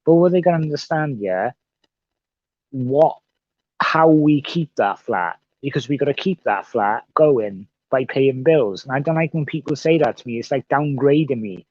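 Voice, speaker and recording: A man's voice: medium pitch, lively intonation, normal speed, a little mellow, no room sound. Man, livestream chat, rambling, swears a lot, repeats himself, muffled dry audio. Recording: dull, dry sound.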